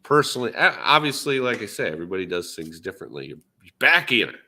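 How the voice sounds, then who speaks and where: Over background noise, a Minnesota man with a Minnesotan accent talks shop about his work as a dent repair technician. His fairly low voice is very animated and fast in this laid-back, rambling, jokey podcast chat.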